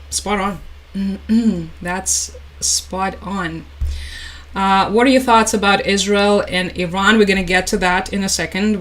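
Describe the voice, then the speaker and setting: A woman's voice: mid-range voice, low-quality recording. A young woman hosting a casual live stream, chatting, laughing often and reading out viewer comments. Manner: chatty, laughs often, reads chat aloud.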